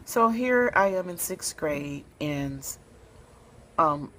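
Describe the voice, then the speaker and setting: A woman from Memphis, Tennessee, with a notably low-pitched voice tells a personal story straight to camera. She talks in a relaxed, soft-spoken way and often pauses on fillers. A faint hum of noise sits underneath her voice. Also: poor audio. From Memphis, Tennessee, USA. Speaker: vlogger telling a personal story.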